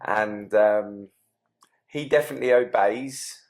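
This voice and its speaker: A man's voice: lowish voice, takes it slowly. A man hosting a podcast interview, asking questions and throwing in teasing jokes. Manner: teasing, jokey. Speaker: podcast host. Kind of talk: conversational interview.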